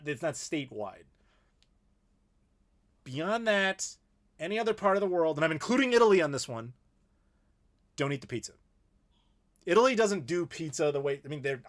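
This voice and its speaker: Opinionated American man hosting a live chat. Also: fairly high pitch. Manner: opinionated, playful ranting with laughs. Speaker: YouTube host.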